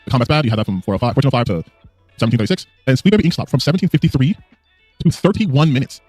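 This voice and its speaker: A man's voice: medium pitch, sing-song, racing, darkish tone, dry recording, faint music behind. A man giving casual reaction commentary, mocking and dismissive, full of filler words.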